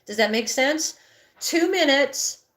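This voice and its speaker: A woman's voice: high-pitched, lively intonation, slow pace, fairly bright tone. A woman in her fifties coaching breathwork on a live stream, candid and rambling, often correcting herself mid-sentence. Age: 50s.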